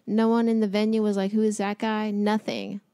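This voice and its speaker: A woman's voice: medium pitch, level tone, mellow, smooth, dry recording, studio quality. A woman co-hosting a talk show in casual chat. She asks questions, teases and laughs easily. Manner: questioning, teasing, quick to laugh. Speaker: podcast co-host.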